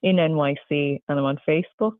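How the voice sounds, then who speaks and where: A young Irishwoman with a Cork accent, a guest on a radio show, chatting in a lively, good-humoured way. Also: low-pitched, fairly quick, no room sound. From Ireland. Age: young adult. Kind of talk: casual interview chat. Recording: tinny phone line.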